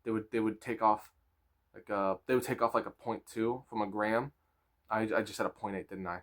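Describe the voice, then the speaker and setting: A man in his twenties telling a casual storytime with crude slang, animated and laughing. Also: on the low side, fairly quick.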